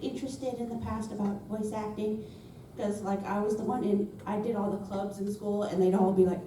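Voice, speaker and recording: A woman's voice: medium pitch, steady tone, normal speed, mellow, a little hiss or hum. A woman with a Southern accent, an audience member asking a chatty, slightly self-conscious question. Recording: echoey hall, far from mic.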